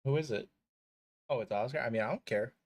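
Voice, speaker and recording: A man's voice: mid-range voice, brisk. Give me a young guy live-streaming a game, loose and jokey. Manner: joking, rambling, swears casually. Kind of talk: casual live-stream chat.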